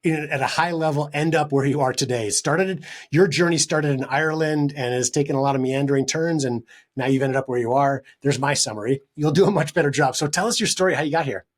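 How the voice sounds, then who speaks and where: Podcast host guy, friendly, sums things up, kinda breathy husky voice. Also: on the high side, quick pace. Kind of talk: interview questions.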